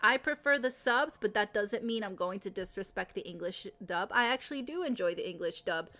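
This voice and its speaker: A loud, animated woman chats on her live stream, her voice sitting in a mid range. She turns emphatic and repeats herself when she rants. Soft music plays faintly underneath. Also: mid-range voice, fairly quick. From Latin America. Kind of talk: casual live-stream chat.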